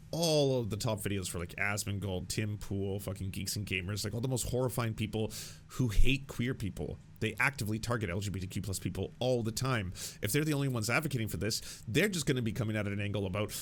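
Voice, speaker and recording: A young man with a fairly low voice rants through his commentary, sarcastic and exasperated and quick to swear. A faint hum of room noise sits underneath. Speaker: political commentary host. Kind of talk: ranting video commentary.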